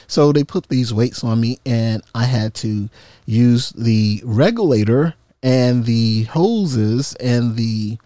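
A man's voice: medium pitch, slow pace, dry recording. A man casually telling a personal story with humor, acting out the voices of people in it. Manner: animated, humorous, acts out quoted voices.

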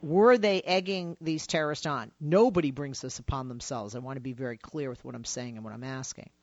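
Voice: mid-range voice, brisk, highs cut off. A radio talk show host taking calls and pressing the guest with direct questions.

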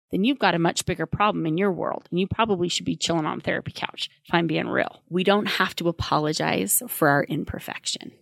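A woman with a low-set voice talks through parenting advice in a brisk, emphatic way. She is plainspoken and candid, with dry humor. The recording is close and dry, with no room sound. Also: gravelly, no room sound. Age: adult with children.

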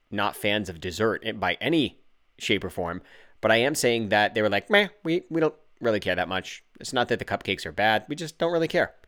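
A man's voice: fairly low pitch, fairly bright tone. A man in his thirties hosting a casual podcast, upbeat and rambling, with lots of fillers. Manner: upbeat, rambling, says "like" a lot. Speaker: podcast host.

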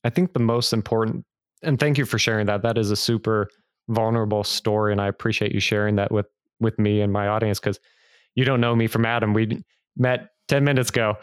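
A man hosting a podcast interview, responding in an appreciative, measured way. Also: lowish voice, fairly even intonation, clean tone, no room sound, clean studio sound. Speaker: podcast host. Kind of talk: interview conversation.

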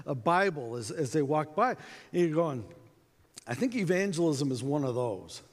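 An American man giving a conference talk, telling a personal story in a conversational way and acting out the voices in it. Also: a little high. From United States. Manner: conversational, acts out quotes, many fillers. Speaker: conference speaker. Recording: echoey hall with long reverb.

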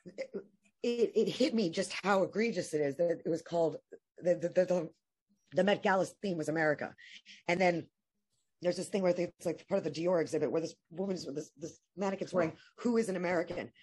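A woman guest in an interview, talking emotionally with many restarts and halting phrases. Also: fairly low pitch, darkish tone, breathy edge. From New York. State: tearful at times. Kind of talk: impassioned conversational interview.

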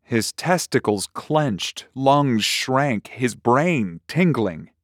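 A man narrating a short story in a slow, measured, deliberate reading. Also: mid-range voice, lively intonation, dry recording, clean studio sound.

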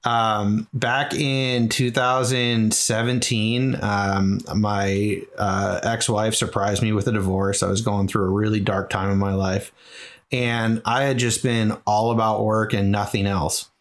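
A middle-aged New England man, appearing as an interview guest who runs marathons for charity, speaks a little slowly in a lowish, flat voice. His long personal story is earnest and rambling, packed with fillers.

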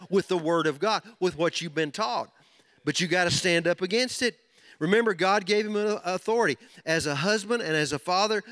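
A man's voice: sits high, a bit bright. A man preaching a sermon, emphatic and repeating key phrases as he builds intensity.

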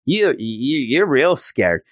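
A man voicing a petulant, bragging young male dark Jedi with a sneering, whiny manner. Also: medium pitch, sing-song, takes it slowly, no echo, studio quality. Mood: taunting.

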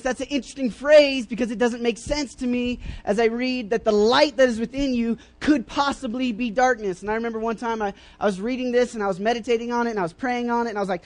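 A young man giving a casual sermon in a church, rambling through personal stories with many restarts and fillers, and bursting into loud acted-out voices. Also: extremely high pitch, quick pace, hardly any pauses. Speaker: preacher.

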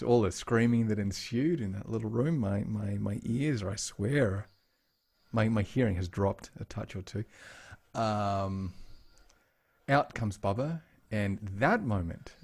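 A man's voice: lowish voice, vocal fry, breathy edge. A man co-hosting a podcast in casual chat, telling family stories and acting out the people he quotes. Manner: animated storytelling, acting out quoted voices. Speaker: podcast co-host.

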